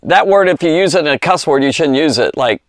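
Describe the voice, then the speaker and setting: Guy doing a bible lesson for kids, kinda high voice, rambly with lots of um and uh, dry close sound. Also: lively intonation, fairly quick, no room sound. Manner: rambling, conversational, with many fillers and asides. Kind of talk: informal Bible lesson for children.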